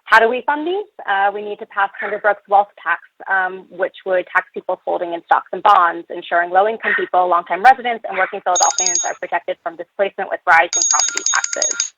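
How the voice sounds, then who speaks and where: A woman's voice: mid-range voice, a little fast, noisy background. A woman reading prepared testimony at a public budget hearing, earnest, with fillers between her points. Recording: tinny phone line, dry.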